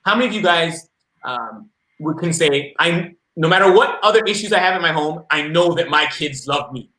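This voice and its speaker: A man's voice: fairly high pitch, expressive, normal speed, bright, forceful tone. A man talking casually about working with kids and parents, telling anecdotes and acting out what people said. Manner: anecdotal, acts out quoted voices. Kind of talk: casual discussion. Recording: roomy echo.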